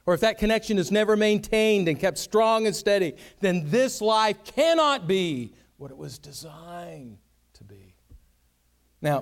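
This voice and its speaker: A man gives a Bible teaching in an earnest, conversational way. He speaks in a fairly high voice and builds his points with vivid everyday examples. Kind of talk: sermon.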